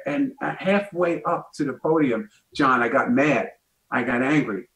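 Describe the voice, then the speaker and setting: Animated New storyteller, echoey room. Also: male voice, medium pitch, normal speed. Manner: animated storyteller acting out quoted voices. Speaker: guest comedian. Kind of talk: anecdote storytelling on a talk show.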